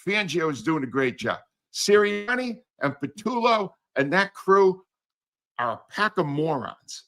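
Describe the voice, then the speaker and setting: A man guesting on a sports talk show, a former radio host with a high, very bright voice. His pitch swings widely as he rants bluntly and sarcastically. He drops a mild curse now and then. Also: very animated, measured pace.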